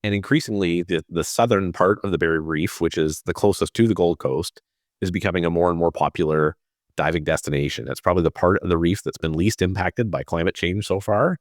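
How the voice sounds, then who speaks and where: Deep-voiced man giving travel tips. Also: fairly quick, dry recording, clean studio sound. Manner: relaxed, recommending, some fillers. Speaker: podcast co-host. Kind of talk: casual travel podcast chat.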